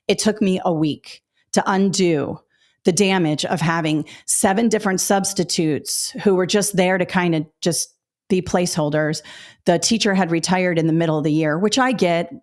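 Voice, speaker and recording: Woman educator, mid-pitched voice, animated storyteller who acts out her classroom lines, webinar advice to new teachers. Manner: lively storytelling, acting out what she says to students.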